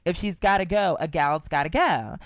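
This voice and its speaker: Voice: mid-range voice, normal speed, dry recording. Sassy storyteller with a dry close sound. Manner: sassy, chatty, calls the listener "girl". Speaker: show host. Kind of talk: casual storytelling monologue.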